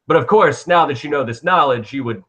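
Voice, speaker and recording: Man playing old guardian, slow lore-telling, grand, a bit high voice. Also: sharp tone. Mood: lofty.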